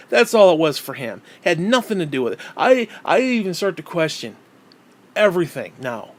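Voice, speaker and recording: Furious, profane man ranting. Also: on the high side. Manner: hostile, heavily profane. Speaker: vlogger. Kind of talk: angry personal rant.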